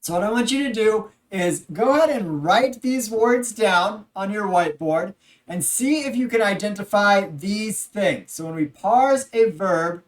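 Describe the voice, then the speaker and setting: A language instructor giving a recorded lecture, patiently explaining and leading repeat-after-me drills with frequent pauses and fillers. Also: mid-range voice, far from the mic.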